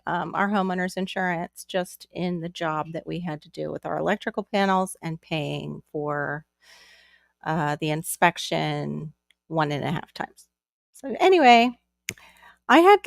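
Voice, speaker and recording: A woman's voice: fairly low pitch, gravelly, no room sound, studio quality. A woman hosting a casual live stream from home, chatting in a rambling way and greeting viewers by name. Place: at home with her young son nearby.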